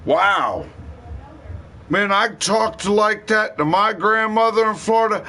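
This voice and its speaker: A man's voice: sits high, sing-song, slow pace, sharp tone. A man livestreaming a rambling, profane rant in heavy slang.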